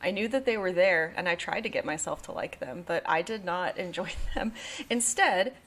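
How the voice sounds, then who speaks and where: Young woman podcast co-host with a slightly low voice, sarcastic and long-winded. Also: moderate pace, fairly bright tone. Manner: talkative, wry and sarcastic, rambling on side thoughts. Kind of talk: casual podcast chat.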